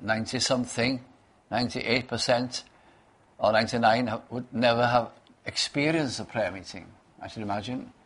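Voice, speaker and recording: A man leading a prayer meeting, giving a Bible talk in an unhurried way, repeating key words and quoting old scripture. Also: medium pitch, a bit bright.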